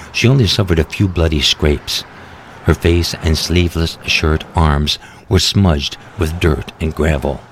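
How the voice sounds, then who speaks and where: A man reading his own short story aloud in a steady, measured narration. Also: rumbling low, a little hiss or hum. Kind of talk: scripted narration. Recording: narration with music underneath.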